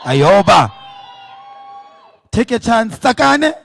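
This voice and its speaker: A man with a South African accent hosting an event, calling out to the crowd in an energetic way. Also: high voice, moderate pace. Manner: hyped, calls out to the crowd. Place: event stage before a crowd.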